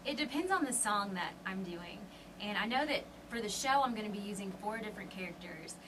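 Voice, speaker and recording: A woman's voice: medium pitch, lively intonation, brisk. A young woman with a Southern US accent from Arkansas, a ventriloquist guest speaking eagerly in a radio interview. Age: young adult. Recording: distant mic with background noise.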